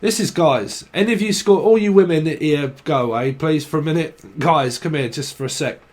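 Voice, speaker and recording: A man's voice: a little high, moderate pace, darkish tone. A man giving a casual, rambling tarot reading, swearing freely, chuckling and acting out people's inner voices. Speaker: tarot reader.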